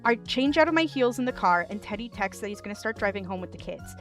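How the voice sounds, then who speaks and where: A woman streamer reading online stories aloud, with animated commentary and laughing asides. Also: mid-range voice, quick pace, soft background music.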